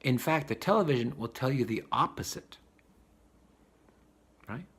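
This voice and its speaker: Animated man giving a spiritual talk. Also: medium pitch, measured pace, breathy edge. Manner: animated, acts out voices of people he describes. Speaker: spiritual teacher.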